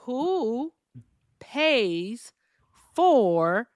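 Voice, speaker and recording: A woman's voice: a little high, sing-song, extremely slow, dry recording. A woman hosting a live call-in debate stream, blunt and profane with callers, chatting casually with viewers between calls.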